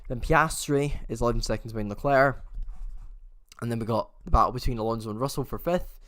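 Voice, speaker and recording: A man's voice: medium pitch, a little fast, a bit bright, dry recording, studio quality. A man hosting a race watchalong, giving live chatty commentary and often correcting himself mid-sentence.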